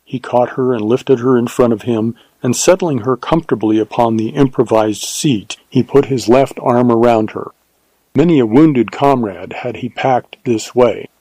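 A male narrator reading a western novel in a measured, unhurried storytelling voice. His tone is mellow and warm, and the recording is dry and close, with no room sound. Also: medium pitch, no echo, rough recording. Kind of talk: scripted audiobook narration.

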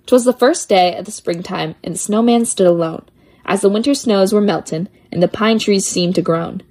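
This woman reads children's poems aloud in a lilting, playful sing-song. Her voice is medium in pitch and a little mellow, and she speaks at a normal speed.

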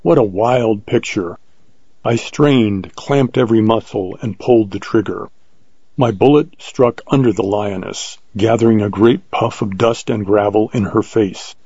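A man reading an adventure story aloud in a measured, vivid way, on a dull lo-fi recording. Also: on the low side, dark tone, breathy edge, no echo. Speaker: narrator. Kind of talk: scripted narration of an adventure story.

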